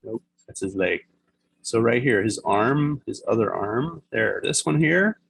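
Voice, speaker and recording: Casual instructor: a man with a gravelly, husky voice, chatty and rambling, teaching a software demo. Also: mid-range voice, animated, a little slow, poor audio. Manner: rambling, chatty, thinks aloud with laughs and sound effects. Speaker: animation instructor. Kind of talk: casual screen-recorded class demo.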